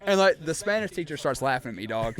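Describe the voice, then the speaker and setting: A young man co-hosting a podcast, telling a story in a lively, animated way and acting out scenes. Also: on the high side, fast talker. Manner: animated storyteller, acts out scenes, laughs often. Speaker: podcast co-host. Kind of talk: casual chat, storytelling.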